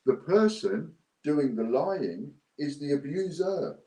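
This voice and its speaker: A man's voice: on the high side, lively intonation, slow, dark tone, reverberant, low-quality recording. A man ranting to camera, blunt, indignant and repetitive. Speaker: business owner vlogger.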